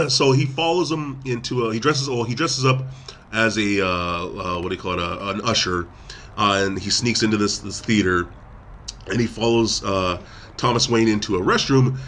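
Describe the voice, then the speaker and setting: Talking at a moderate pace in a low, somewhat bright voice, a man hosts a podcast where he meanders through a film recap and acts out quotes between thoughts. A little hiss or hum sits under the recording.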